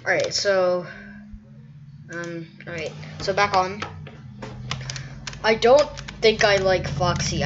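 A woman rants at a slow, unhurried pace, her tone sarcastic and mocking. The recording is muffled and lo-fi. A faint hiss and the click of keyboard typing sit behind her voice. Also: mid-range voice. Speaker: YouTuber. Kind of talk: ranting vlog commentary.

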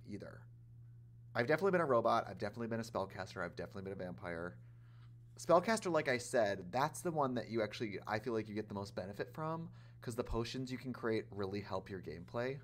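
A man hosting a casual gaming livestream, chatty and animated, talking straight to his chat in a campy, playful way. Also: lowish voice, fast talker, slight background noise. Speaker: livestream host playing a life-sim game.

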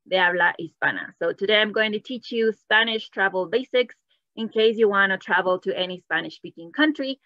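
A woman's voice: medium pitch, fairly quick, no room sound. A woman teaching a live online Spanish class, switching between English and Spanish and quizzing the chat. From Latin America. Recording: dull, slightly lo-fi dry sound.

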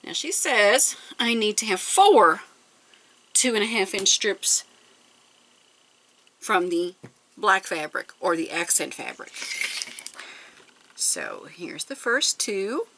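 A woman with a bright voice and a lively, bouncing pitch walks through cutting and sewing quilt strips. She talks half to herself as she works, counting measurements aloud. Faint noise and tool clicks sit behind her. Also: takes it slowly, pauses often, low-quality recording. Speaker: quilting tutorial host. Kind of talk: casual step-by-step craft demonstration.

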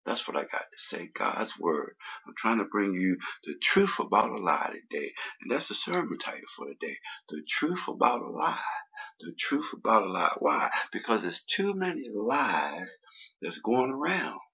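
A man preaching a sermon and praying, rising loud on key phrases, with many fillers. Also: deep voice, big pitch swings, normal speed, creaky, breathy edge, muffled recording. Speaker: guest preacher. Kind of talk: sermon and prayer.

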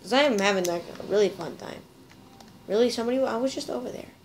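Her voice is fairly high, a little mellow, and quick as she hosts a gameplay video, talking playfully to viewers mid-play in casual commentary. There's a little hiss or hum over the rough recording.

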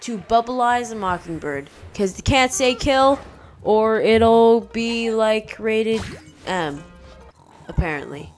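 A woman commentates a video game in a put-on, imitation Cockney accent. Her delivery is slow and unhurried, and she jokes and swears mildly as she plays. Game music plays clearly behind her. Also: a little high, expressive. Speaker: let's play host. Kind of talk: blind gameplay commentary.

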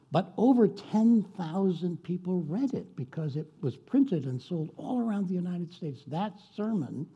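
A man's voice: a little high, dark tone, husky, highs cut off. A man, a guest minister, telling a story in a sermon with folksy, chatty asides to the congregation.

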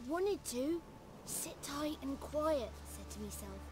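A woman voicing a high, rustic boy godling. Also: expressive, slow pace, background noise. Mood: telling. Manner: rustic folksy dialect, storytelling. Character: scrappy young boy godling, cheeky and nervous. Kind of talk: video game dialogue. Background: game music.

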